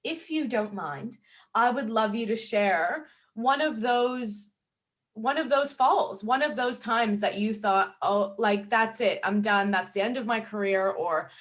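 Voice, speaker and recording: A woman's voice: a little high, measured pace, a bit bright. Encouraging woman host. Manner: encouraging, affirming. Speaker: podcast host. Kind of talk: casual interview.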